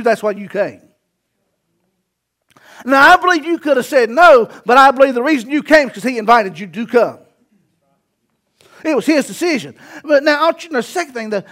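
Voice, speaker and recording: A man, preaching a sermon emphatically and swelling to shouts. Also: extremely high pitch. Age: 40s. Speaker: pastor.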